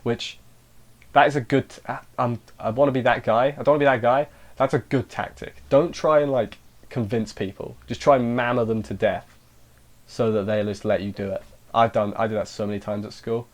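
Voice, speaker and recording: A man talking through an anime episode in a loose, chatty review at a mid-range pitch. He wanders off into jokey asides and restarts his sentences often, then drifts back to the plot. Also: steady tone, fairly quick. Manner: rambling, self-interrupting, with jokey asides. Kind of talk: casual spoken review.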